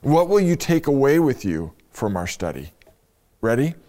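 A man's voice: mid-range voice, big pitch swings, normal speed. A middle-aged man, a pastor, preaching a sermon in a conversational way and speaking straight to his listeners. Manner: warm conversational preaching with direct address to listeners.

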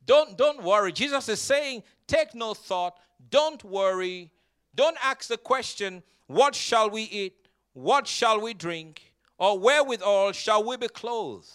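Guy preaching a sermon, high clear voice, gets the crowd to repeat after him. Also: a bit bright. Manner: preaching with call-and-response to the congregation; drawn-out emphatic scripture reading. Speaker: pastor.

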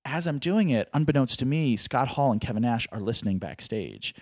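Animated middle-aged man telling stories. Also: medium pitch, brisk, no room sound. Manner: animated, acts out voices while telling stories; self-deprecating. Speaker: guest. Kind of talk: casual storytelling.

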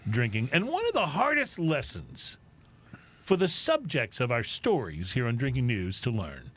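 A man's voice: medium pitch, normal speed. A man co-hosting a podcast, casually chatting and reading out comic news stories. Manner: jokey, animated storyteller. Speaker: podcast co-host.

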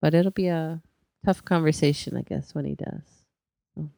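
A woman's voice: sits low, steady tone, moderate pace, gravelly, dark tone, dry recording, studio quality. A woman co-hosting a podcast in casual chat, rambling and chatty with lots of fillers. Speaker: podcast co-host.

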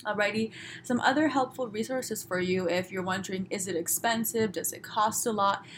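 Fast-talking Southern California woman podcaster. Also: mid-range voice, a little hiss or hum. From Los Angeles, USA. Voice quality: fast-talking, crisp pronunciation. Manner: chatty, upbeat, many fillers. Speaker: podcast host. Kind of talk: solo podcast monologue. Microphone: podcast microphone.

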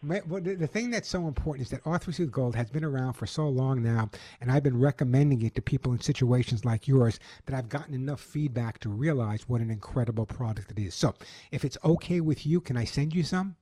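A man's voice: mid-range voice, brisk, warm tone. A middle-aged man hosting a call-in pet radio show, chatty and enthusiastic with a joking manner.

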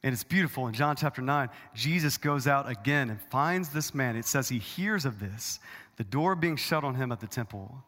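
Impassioned preacher in a reverberant hall. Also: male voice, expressive, moderate pace. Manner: dramatic preacher, swings loud and high for emphasis. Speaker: pastor. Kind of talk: sermon. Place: church auditorium.

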